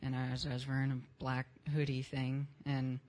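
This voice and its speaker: A man's voice: medium pitch, completely flat delivery, normal speed, darkish tone. A young man in his teens giving a casual spoken testimony at a church service, telling his story in plain, unpolished words with some slang.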